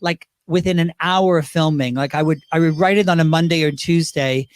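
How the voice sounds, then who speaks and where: A man's voice: a little high, a little fast, no echo. A man who performs drag and impersonations, telling stories in a casual interview and slipping into voices. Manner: chatty storyteller, lively, slips into voices.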